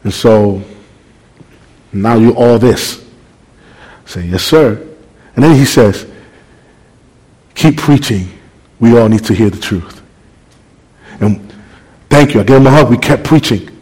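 A man preaching a sermon, telling a story with lively, animated delivery that climbs toward near-shouting. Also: medium pitch, slow, pauses often, breathy edge, poor audio. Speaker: pastor.

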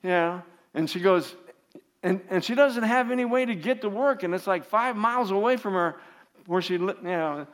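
A man's voice: sits high, moderate pace. A man preaching a sermon as an informal story, laughing often and restarting his sentences. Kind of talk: anecdotal sermon.

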